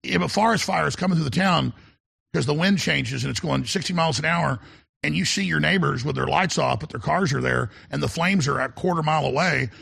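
A man's voice: on the high side, fairly quick, a bit bright. A middle-aged man hosting a talk radio show, speaking in an urgent, intense monologue and often stammering and repeating words as he restarts. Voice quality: gravelly, husky voice.

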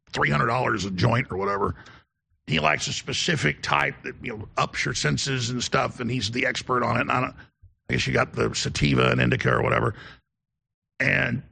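Guy hosting a show, super gravelly voice, kinda husky, rambles off on tangents. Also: medium pitch, lively intonation, fairly quick, sharp tone. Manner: rambling, digressive anecdotes. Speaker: show host. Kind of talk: casual on-air storytelling.

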